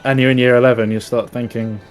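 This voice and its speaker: A man with a mid-pitched voice chats casually during a game stream, keeping his remarks dry and understated. Loud game music plays behind him. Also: little pitch movement, quick pace. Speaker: guest gamer. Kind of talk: casual gaming chat.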